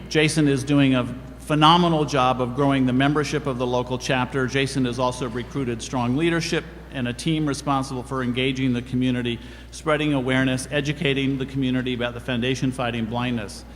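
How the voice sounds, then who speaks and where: A man presenting awards at a ceremony, reading the citations in a steady, formal way. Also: mid-range voice. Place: event hall. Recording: reverberant hall, faint room noise.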